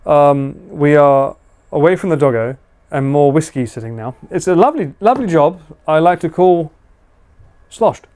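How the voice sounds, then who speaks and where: Man, live streamer, chatty, jokey, slightly higher voice. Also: animated, moderate pace, a little mellow, smooth. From United Kingdom. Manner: chatty, laughs often, jokey. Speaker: livestreamer. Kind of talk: casual live-stream chat with viewers. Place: house.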